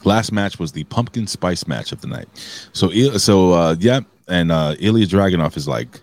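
This co-host of a wrestling review podcast has a deep, darkish voice with lively intonation and a normal speaking speed. He chats in a casual, animated way, swears plenty, and often starts his sentences over.

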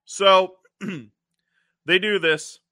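A man co-hosting a podcast, recapping an old TV episode in an animated way, acting out the characters' lines and often clearing his throat. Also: fairly high pitch, slow, no room sound, clean studio sound. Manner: animated storytelling, acting out quotes in funny voices. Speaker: podcast co-host.

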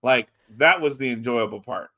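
A podcast host with a pushed, bright mid-range voice recaps a wrestling show at a moderate pace. He's laid-back and rambling, full of fillers and swearing.

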